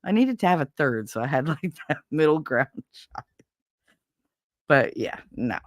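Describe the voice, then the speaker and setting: A woman's voice: low-pitched, sing-song, unhurried, no echo, studio quality. A middle-aged woman hosting a casual livestream, venting bluntly and profanely about her kids and household chores. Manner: blunt, profane, exasperated ranting. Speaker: livestream host.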